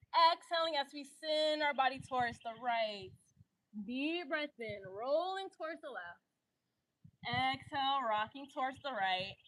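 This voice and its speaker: A woman leads a guided yoga flow with a high, bright voice. She cues breaths and poses calmly but drifts into loose, chatty slang between cues. Her tone stays light and clear throughout. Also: poor audio. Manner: calm cueing that breaks into chatty, animated asides; casual slangy talk. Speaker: yoga instructor.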